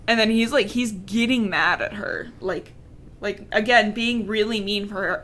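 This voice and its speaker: Bright-voiced woman recapping sarcastically. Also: medium pitch, measured pace, slight background noise. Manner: sarcastic, swears freely, quotes characters in mocking voices. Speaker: podcast co-host recapping a book. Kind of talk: casual chat.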